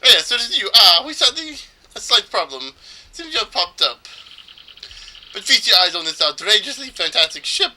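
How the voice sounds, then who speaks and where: A man's voice: sits high, big pitch swings, moderate pace, pushed and bright, voice pushed up, heavily acted. A man putting on a pompous fake Spanish ship owner. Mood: boastful. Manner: grandiose, theatrical boasting. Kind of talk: let's play voice reading.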